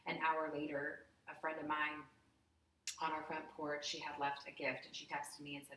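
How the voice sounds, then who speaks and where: A woman with a lowish voice tells a raw, heartfelt story, animated and candid, acting out what people said to her. She sounds set back from the mic in an echoey room with faint noise behind her. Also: normal speed, distant mic. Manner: candid, heartfelt, animated retelling with acted-out quotes. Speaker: guest telling a personal story. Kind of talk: emotional personal storytelling.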